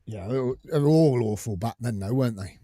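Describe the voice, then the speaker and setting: Co-hosting a fan podcast, a man tells anecdotes as an animated storyteller, acting out the dialogue and laughing often. He has a mid-range voice, talks fairly quickly, and there's no echo.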